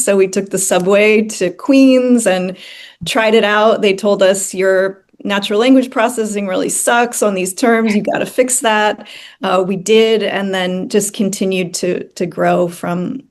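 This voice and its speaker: A woman in an interview, speaking about her work in an earnest, measured way. Her voice sits at an ordinary middle pitch. She tells the story steadily, like someone who has told it before. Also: a little mellow. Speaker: founder and CEO, interview guest. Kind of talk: casual interview conversation.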